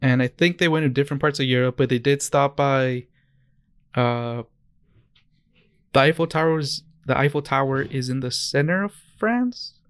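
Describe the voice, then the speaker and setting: A young man from the States chats on a podcast, wandering through anecdotes and restarting his sentences as he goes. His voice sounds smooth and clear. The mic is close and dry, with no room sound. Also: mid-range voice, moderate pace, dry recording. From United States. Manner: rambling storyteller, restarts often. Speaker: podcast co-host. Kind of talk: casual chat.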